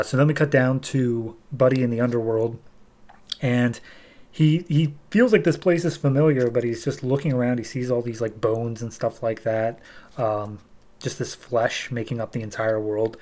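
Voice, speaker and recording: A man's voice: mid-range voice, a little slow, darkish tone. A young adult man hosting a podcast, recapping a comic in a loose, casual way with lots of fillers. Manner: loose, filler-heavy, acts out dialogue. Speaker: podcast host.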